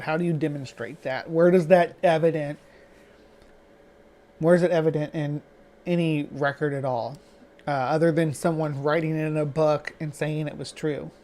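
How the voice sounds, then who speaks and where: Skeptical male streamer with a slightly high voice, argumentative and halting. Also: steady tone, mellow, a little hiss or hum. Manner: argumentative, halting with many restarts and fillers. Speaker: stream host reacting to a video. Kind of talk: live-stream reaction commentary.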